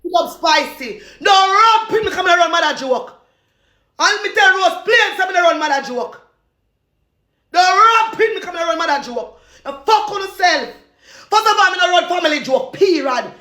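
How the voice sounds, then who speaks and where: High, sharp Jamaican woman ranting. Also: lively intonation, moderate pace, roomy sound. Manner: loud, repetitive, laughing between insults. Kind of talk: angry cursing rant.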